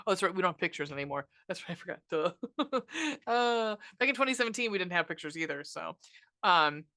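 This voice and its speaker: Young woman host, sarcastic profane movie ranter, bright forceful voice. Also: fairly low pitch, lively intonation, fast talker. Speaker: podcast host reviewing a movie. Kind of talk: casual ranting movie review.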